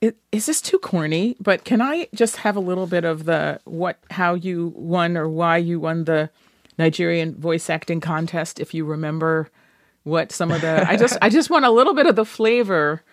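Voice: mid-range voice, moderate pace, dry recording, clean studio sound. An interview host asking questions in a chatty, hesitant way, often repeating words.

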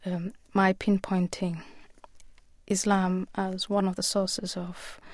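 Earnest woman speaking in a flat, even tone. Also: medium pitch, dry recording. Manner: earnest, measured, with frequent pauses and fillers. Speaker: author and guest. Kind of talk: radio interview answers.

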